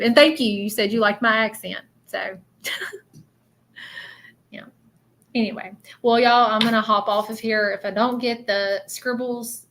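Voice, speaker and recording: A woman hosting a casual live stream, talking softly and haltingly with many fillers as she gives readings to viewers. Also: mid-range voice, a little hiss or hum. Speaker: psychic medium livestreamer.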